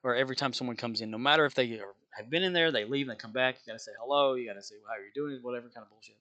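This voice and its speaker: A tired man venting about his day in a loose, rambling rant while he plays a game. He sounds exasperated and swears freely, with frequent little chuckles, and his voice sits at an ordinary middle pitch. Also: racing, pushed and bright. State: worn out, low energy. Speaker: gaming streamer venting about work.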